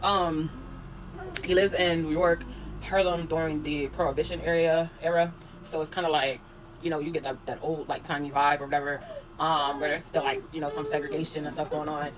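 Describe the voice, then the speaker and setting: A man giving a casual spoken review of a show, rambling in a relaxed, slangy way and filling pauses with "um" and "like". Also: fairly high pitch, highs cut off, crowd noise. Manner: rambling, filler-heavy, with frequent "um" and "like"; slangy and laid-back.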